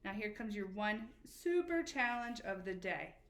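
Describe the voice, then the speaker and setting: A woman teacher giving a spelling lesson to children, patient and encouraging, slowly spelling letters out. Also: medium pitch, sing-song, fairly bright tone. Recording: echoey room with faint background noise.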